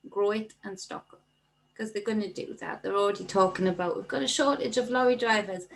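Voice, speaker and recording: A woman hosting a casual livestream, chatting warmly and reading viewer comments aloud. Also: mid-range voice, steady tone, a little fast, vocal fry, low-quality recording. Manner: chatty, reads viewer comments aloud and thanks them by name. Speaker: livestream host.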